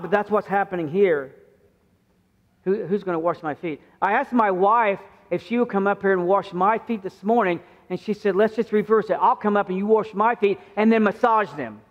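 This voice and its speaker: Middle-aged male pastor, high-pitched, conversational sermon, muffled recording with long church reverb. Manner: conversational preaching, acting out quoted voices with rising pitch. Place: church sanctuary.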